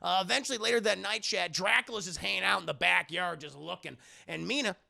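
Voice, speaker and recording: Bright, gravelly man retelling a film. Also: sits high, quick pace. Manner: profane, jokey retelling. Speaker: film reviewer and streamer. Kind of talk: casual spoiler review.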